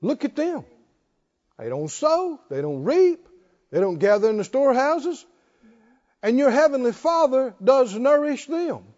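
A man's voice: extremely high pitch, big pitch swings, measured pace, a little mellow. A man preaching a sermon. He drives it with rhetorical questions and joking asides, and calls on the congregation to answer back. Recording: dull lo-fi sermon recording.

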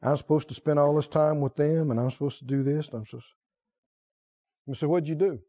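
A man's voice: on the high side, fairly even intonation, a little fast, warm tone, dull audio. A male preacher delivering a sermon, talking with animation, questioning the crowd and laughing now and then.

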